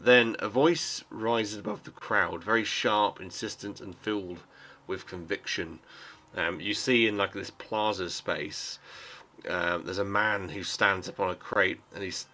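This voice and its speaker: A man's voice: sits low, fairly even intonation, measured pace, pushed and bright. A man narrating as game master in a casual, hesitant way with many fillers.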